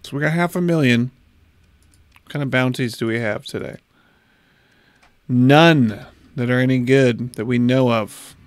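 A man in his thirties chats with his stream viewers while he plays, talking slowly and casually. His voice sits at a middle pitch, and the desk mic is close and dry, with no room sound. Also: dry recording. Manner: chatty, talks to chat while playing. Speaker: livestreamer. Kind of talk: casual gameplay livestream chat.

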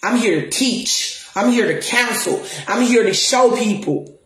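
This confrontational rant to camera comes from a spiritual counselor and music promoter who swears, stays defiant, and repeats her words for emphasis. She speaks unhurriedly in a medium-pitched voice. There's a light hiss or hum and a roomy echo.

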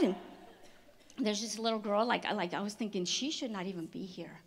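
A woman in mid-range pitch tells her own story from a conference stage. She talks in a lively, conversational way, often restarting her phrases and laughing. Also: fairly quick, slight background noise. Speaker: conference speaker. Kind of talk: personal testimony talk.

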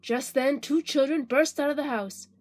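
A woman reading a children's storybook aloud in an expressive, sing-song way. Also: high voice, normal speed, no echo.

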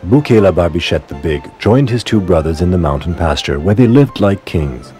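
A man giving a measured, solemn scripted reading for a documentary. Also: deep voice, animated, dark tone, soft background music. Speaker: documentary reader.

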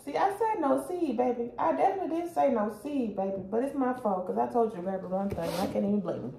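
A woman's voice: on the high side, animated, quick pace, gravelly, mellow, reverberant, a little hiss or hum. A woman vlogger chatting casually to her viewers, calling them y'all and baby. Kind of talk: casual chat to camera.

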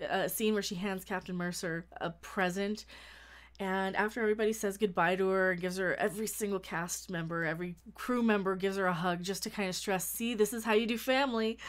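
A woman reviewing a TV episode in a gushing, excited, casual way, often restarting her sentences. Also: medium pitch. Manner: gushing, animated, many restarts and "oh my God".

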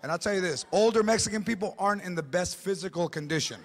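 A man's voice: high-pitched, fast talker, slight background noise. A man doing stand-up comedy on a theater stage, telling stories animatedly with Spanish asides. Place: theater stage before a live audience. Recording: live stage with loud crowd.

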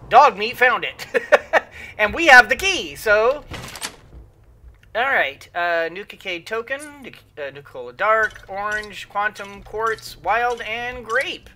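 A let's play host giving rambling gameplay commentary, full of fillers and excited exclamations. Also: medium pitch, slight background noise.

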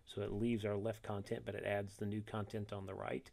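A man walking through a software tutorial step by step, reading each instruction and then demonstrating it, correcting himself along the way. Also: on the low side, little pitch movement, fairly quick, creaky. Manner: methodical, reads steps then demonstrates, self-corrects.

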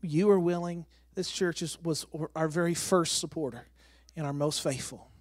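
A high-voiced man gives a heartfelt testimony from a church platform, speaking emphatically and near tears. His voice sounds close and dry, with hardly any room echo. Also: moderate pace. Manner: excitable, emphatic, breaking toward tears. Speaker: missionary and former pastor. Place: church sanctuary.

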